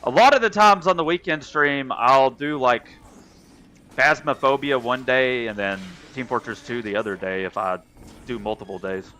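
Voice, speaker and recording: A man's voice: mid-range voice, moderate pace, pushed and bright, slight background noise. A young man streaming a game, chatting casually and answering viewers' messages as he plays. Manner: chatty, reads and answers live chat. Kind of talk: casual chat while gaming.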